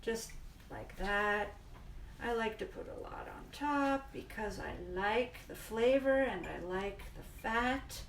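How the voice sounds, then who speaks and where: A woman's voice: a little high, lively intonation, takes it slowly, reverberant, recorded from a distance, background noise. A woman hosting a casual live cooking demo in a home kitchen, chatting and explaining as she works, often stopping mid-sentence. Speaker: cooking show host.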